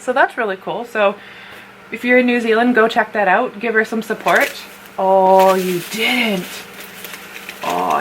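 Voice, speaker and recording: A young woman from North America chatting casually as she unboxes a gift box, often laughing and squealing at cute things. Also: medium pitch. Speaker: vlogger. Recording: noisy home recording.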